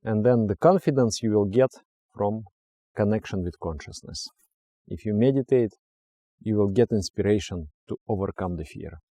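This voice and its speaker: Mellow-voiced man teaching meditation. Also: on the low side, expressive, normal speed, no echo, studio quality. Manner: earnest, emphatic, repeats key phrases. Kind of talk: spiritual teaching talk.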